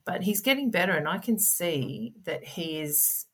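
A middle-aged woman guest in an interview, explaining things in an earnest, gentle, conversational way. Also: lowish voice, animated, unhurried, husky. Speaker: podcast guest, parent advocate.

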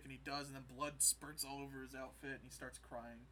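A man with a very bright, sharp voice talks through an episode recap in a loose, rambling way. He jumps into quoted lines as he goes, keeping it casual, at a middling pitch. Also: level tone, a little fast, slight background noise, poor audio. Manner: rambling storytelling, acts out quotes. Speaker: podcast co-host.

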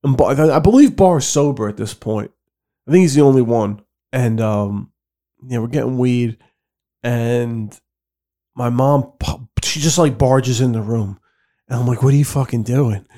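A man's voice: mid-range voice, measured pace, mellow. A young man co-hosting a podcast, telling a profane, laugh-filled story in casual chat. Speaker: podcast co-host.

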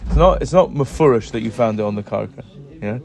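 A man leads a Talmud study class in an even, mid-pitched voice. He explains each point step by step, keeps checking with his students with "right?" and "yeah?", and stumbles and restarts as he reads out the text. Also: creaky. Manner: asks the class questions, frequent "right?" checks; halting restarts while reading text. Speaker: Talmud teacher. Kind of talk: Gemara class mixing English and Hebrew terms.

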